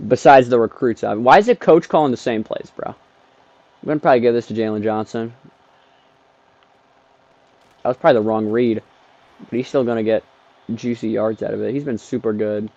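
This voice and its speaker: A man doing let's-play commentary on a football video game, excitable, trash-talking the game and bursting into shouts. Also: mid-range voice, a little fast. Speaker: gaming streamer. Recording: dull lo-fi dry mic.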